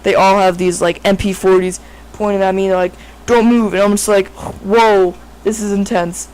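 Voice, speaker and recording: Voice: medium pitch, flat delivery, brisk, darkish tone, clear, resonant tone, low-quality recording. A speaker telling a made-up story in a casual, improvised way, rambling with lots of fillers and frequent self-corrections.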